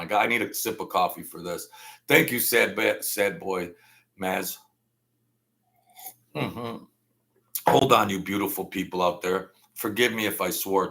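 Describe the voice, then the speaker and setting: A man's voice: sits low, vocal fry, a bit bright. A man hosting a casual livestream rant, blunt and slangy, rambling and stuttering as he goes. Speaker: livestream host.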